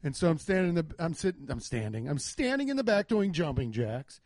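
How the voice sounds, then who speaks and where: Young man, slightly higher voice, very dry close sound; loose, cussing storyteller. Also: sing-song, a little fast, a little mellow, dry recording. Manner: profane, rambling, laid-back. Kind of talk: casual comedic storytelling.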